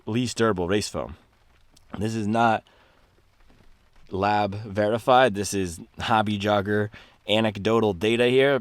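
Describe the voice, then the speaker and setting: A man's voice: fairly low pitch, dry recording. Hyped-up man vlogging about running shoes. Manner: upbeat, slangy hype talk. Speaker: running shoe reviewer. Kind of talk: casual vlog talk to camera. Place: parked car on a rainy day.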